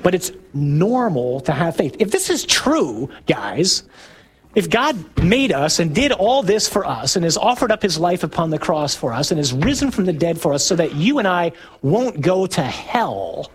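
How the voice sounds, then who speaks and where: A middle-aged priest with a slightly high, husky voice gives a talk to his parishioners. He speaks conversationally and throws questions at the room, then pushes into loud, emphatic bursts on his main points. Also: big pitch swings, moderate pace. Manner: conversational, asks the audience questions. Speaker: Catholic priest. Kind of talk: talk to a parish men's group.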